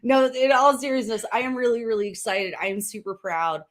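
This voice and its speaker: Slightly high and brisk with fairly even intonation, this woman hosts a casual political chat at home as a podcaster and congressional candidate. She's upbeat, chatty, and heavy on fillers; background noise comes through from her room in a house under renovation.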